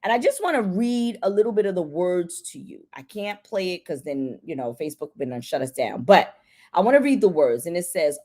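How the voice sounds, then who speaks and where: Lively, emphatic woman giving a self-care talk. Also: fairly low pitch, brisk. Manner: chatty and emphatic, with rhetorical questions; repeats words for emphasis. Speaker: speaker on self-care for caretakers. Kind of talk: casual motivational talk.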